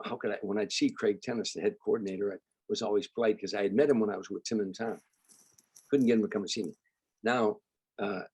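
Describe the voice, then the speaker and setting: An older man from Chicago, a comedian guest, telling stories in an animated way and acting out the people he quotes. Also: lowish voice, slightly rough, dry recording. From Chicago, United States. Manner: animated storyteller, acts out quoted voices. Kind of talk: storytelling interview.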